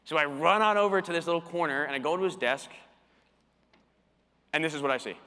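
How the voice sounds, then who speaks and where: A man giving a storytelling keynote talk at a conference, animated and acting out the quoted dialogue. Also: fairly high pitch, brisk, smooth. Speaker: conference speaker. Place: conference hall. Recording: long reverb of a conference hall.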